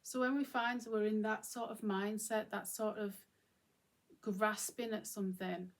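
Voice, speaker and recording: A woman talks through her thoughts in an easy, informal way, often pausing and restarting her sentences. Her mid-pitched voice carries a noticeable gravelly fry. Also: steady tone. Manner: musing, informal, many fillers and restarts. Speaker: channel host. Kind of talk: reflective solo talk to camera.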